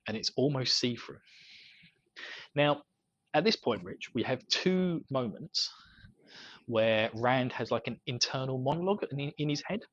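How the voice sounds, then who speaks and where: A man talks through a book chapter in easygoing podcast chat, chuckling between thoughts. His voice sits at an ordinary middle pitch. The recording is muffled and lo-fi. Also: animated, measured pace, long pauses, a bit bright. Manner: chuckles often while recapping. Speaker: podcast co-host. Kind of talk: casual book discussion chat. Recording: dull lo-fi podcast audio.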